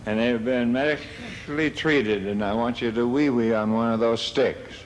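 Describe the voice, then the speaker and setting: An older man telling comic stories in a slow, halting way, stumbling and restarting his words. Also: mid-range voice, fairly even intonation, a little hiss or hum. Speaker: comedian. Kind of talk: stand-up storytelling.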